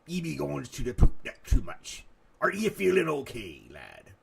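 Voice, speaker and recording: A man's voice: fairly high pitch, huge pitch swings, normal speed, creaky, background noise, full character voice. A man voicing a jolly, silly male pirate in mock pirate talk, with a growled "arr". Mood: teasing.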